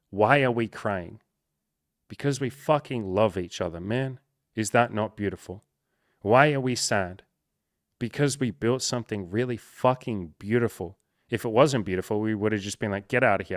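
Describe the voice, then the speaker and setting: A man's voice: on the low side, dry recording, clean studio sound. A man who is a coach, talking earnestly and emphatically in a personal vlog monologue, swearing often.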